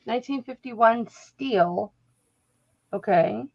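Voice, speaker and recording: On a live sale stream, a female co-host chats casually, telling stories, joking, and acting out what people said. Her voice sits a little high and is creaky, and she talks slowly. The livestream audio sounds dull and lo-fi.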